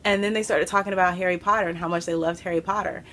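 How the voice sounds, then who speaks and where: A woman's voice: lowish voice, very fast, slight background noise. Chatty, breathless woman podcaster. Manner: chatty and excitable, with fillers. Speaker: podcast host. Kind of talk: casual chat to camera. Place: home room.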